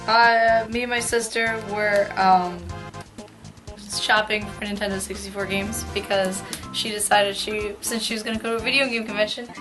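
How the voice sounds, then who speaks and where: A woman co-hosting a casual video, her voice a little hoarse, talking in a laid-back way and swearing freely. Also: mid-range voice, steady tone, normal speed, over music, poor audio. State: voice a bit hoarse. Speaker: channel co-host. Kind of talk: casual chat.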